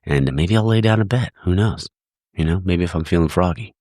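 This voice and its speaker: A congested, tired man hosting a podcast, giving a relaxed, thankful solo sign-off. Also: deep voice, brisk, no echo, clean studio sound. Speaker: podcast host.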